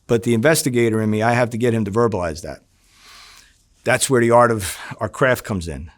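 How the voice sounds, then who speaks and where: A man who is a former undercover agent, telling his story in a sit-down interview, profane and lively as he acts out the dialogue. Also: medium pitch, fairly quick, no echo, clean studio sound. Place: home in New Jersey.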